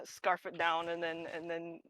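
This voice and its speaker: Slow-talking giggly woman. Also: lowish voice, fairly bright tone. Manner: giggly, short reactions. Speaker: stream guest. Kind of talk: casual gaming chat.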